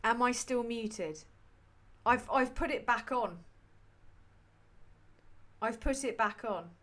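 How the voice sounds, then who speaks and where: A woman's voice: on the high side, takes it slowly, a bit bright. A woman hosting a livestream, chatting casually about politics in a sweary, rambling, sardonic way full of fillers. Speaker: livestream host.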